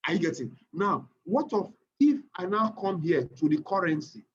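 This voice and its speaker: A man's voice: sits high, moderate pace, breathy edge. A man with a Nigerian accent teaching an online trading class, repeating phrases and often checking whether his listeners are following. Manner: animated, repeats phrases, keeps checking the audience. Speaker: trading instructor. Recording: muffled lo-fi recording with faint noise.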